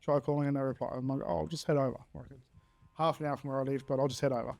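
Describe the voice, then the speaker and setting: A man's voice: medium pitch, little pitch movement, racing, creaky, a little mellow. An Australian man in his thirties, a podcast guest telling his story bluntly, swearing freely and acting out quoted dialogue. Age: 30s. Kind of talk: candid personal storytelling.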